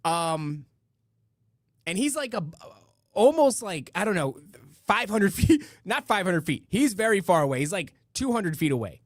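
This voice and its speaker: Reading donations and chat on his live-stream podcast, a middle-aged man talks in a high, very animated voice at an unhurried pace, with no echo. His casual talk rambles through stories, broken up by frequent restarts and asides.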